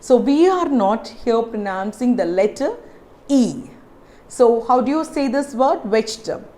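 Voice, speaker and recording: Lively Indian English woman teaching pronunciation. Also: on the high side. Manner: repeats words slowly, checks in with viewers. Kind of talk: pronunciation lesson.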